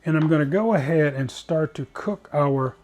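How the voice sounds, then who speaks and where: A man's voice: a little high, moderate pace, a little mellow. A man hosting a cooking show, chatting in an upbeat way with rambling asides as he cooks. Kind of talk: casual cooking demonstration.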